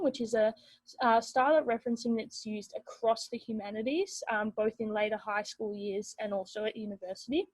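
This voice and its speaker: Husky woman teacher explaining. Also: on the high side, no echo, rough recording. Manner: explanatory, steady, with many fillers. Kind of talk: recorded classroom lesson explaining a rubric.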